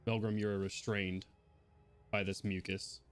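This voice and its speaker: A man running a tabletop game as game master, brisk and orderly as he calls turns and rolls. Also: on the low side, little pitch movement, clean tone, faint music behind.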